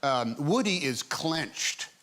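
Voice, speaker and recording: Male actor guest, lively, bright voice, acts out bits of dialogue. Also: fairly high pitch, slow pace. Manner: animated storyteller who acts out lines. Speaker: talk show guest, actor. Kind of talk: casual chat.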